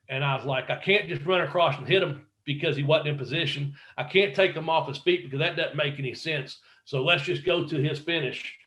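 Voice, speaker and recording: Animated, profane storytelling man. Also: a little high. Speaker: guest, former pro wrestler. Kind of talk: casual storytelling interview.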